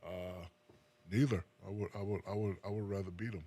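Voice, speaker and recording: A retired basketball player from New Jersey, a man who speaks casually as an interview guest, laid-back and soft-spoken, often trailing off with fillers. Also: fairly low pitch, fairly even intonation, a little fast, slight background noise.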